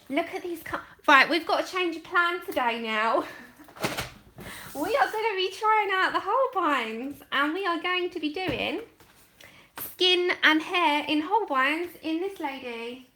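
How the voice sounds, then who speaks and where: A woman hosting a casual colouring livestream, gushing and excitable, laughing often and trailing off mid-sentence, heard from a camera set back from her desk. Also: very high-pitched, slow pace, a little hiss or hum. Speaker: colouring channel host. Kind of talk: casual livestream chat while unboxing.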